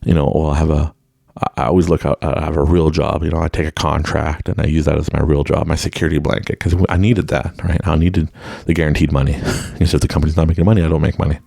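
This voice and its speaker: A man's voice: a bass voice, flat delivery, quick pace, vocal fry, mellow, dry recording, studio quality. A man hosting his own podcast, giving an unscripted motivational talk and laughing often. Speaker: podcast host. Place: room at home with a mic.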